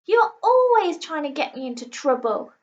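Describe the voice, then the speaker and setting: Woman doing a sulky schoolgirl, pitched up, muffled audio. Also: very animated, unhurried, fairly bright tone, far from the mic, exaggerated voice. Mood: defensive. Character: defensive schoolgirl, older sister. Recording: slightly muffled lo-fi recording.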